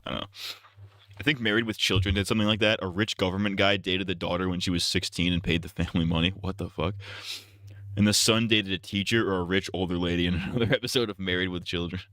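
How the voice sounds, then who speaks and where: A man's voice: low-pitched, steady tone, fast talker, a bit bright, no room sound. A man hosting a stream, cracking crude, sardonic jokes in casual chat close to a desk mic. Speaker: streamer host.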